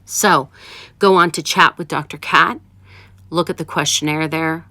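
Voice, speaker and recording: A woman hosts an advice show in a lowish voice, coaching listeners with emphatic repetition. Her sound is dry and close, with no room around it. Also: steady tone, unhurried, no room sound. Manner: warm, emphatic, coaching tone with repeated urgings. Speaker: podcast host and relationship advisor. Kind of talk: casual advice talk.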